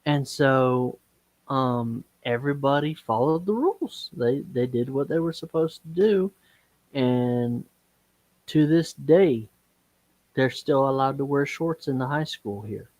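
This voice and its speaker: A man's voice: medium pitch, slow, darkish tone, dry recording, low-quality recording. A man in his forties, a dating and business coach, telling stories casually and repeating words as he acts out dialogue. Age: 40s. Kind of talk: casual storytelling on a live stream.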